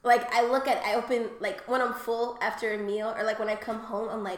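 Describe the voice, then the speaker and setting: A woman with a slightly high voice chats casually on a podcast, rambling through crude stories with plenty of fillers and laughter. She coughs now and then from a recent cold, and the room around her rings with echo. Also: normal speed. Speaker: podcast co-host. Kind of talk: casual chat.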